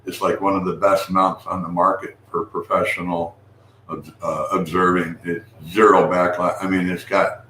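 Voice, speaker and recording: A man with a fairly low voice hosts a casual live stream, rambling through ideas with many restarts. He turns now and then to call on his viewers. The sound is echoey with a faint hiss behind it. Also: flat delivery, moderate pace, sharp tone. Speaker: observatory owner hosting a live stream. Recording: echoey room with faint noise.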